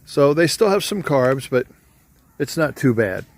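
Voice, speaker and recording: A man's voice: mid-range voice, very animated, a little slow. Folksy older man by a campfire. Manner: folksy storyteller. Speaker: camping vlogger. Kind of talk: casual chat and joke telling. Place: campsite outdoors by a fire.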